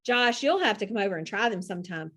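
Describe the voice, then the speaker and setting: A woman's voice: medium pitch, animated, fast, fairly bright tone. A woman voicing a friendly young girl who chats proudly about her grandmother's cooking, reading a storybook aloud.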